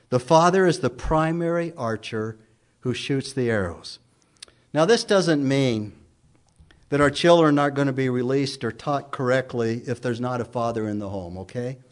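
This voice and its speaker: A man preaching a sermon as pastor, reading scripture aloud with emphatic, questioning delivery. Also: mid-range voice. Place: church sanctuary.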